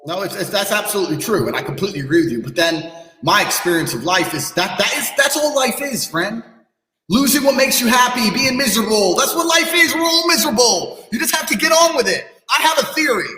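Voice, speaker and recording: On a podcast, a male guest delivers a heated, profane rant, bluntly lecturing his listeners. His voice is high-pitched, bright and forceful, animated and fairly quick. The room is echoey with a long reverb.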